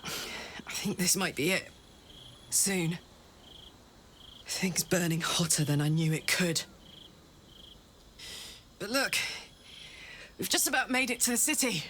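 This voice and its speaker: A woman's voice: on the low side, slow, long pauses, fairly bright tone, a little hiss or hum. A woman voicing a tough, tired female warrior who sighs and speaks plainly. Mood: weary. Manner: tired, sighing, plain-spoken. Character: tough female warrior, weary, gruff and warm-hearted. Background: game music.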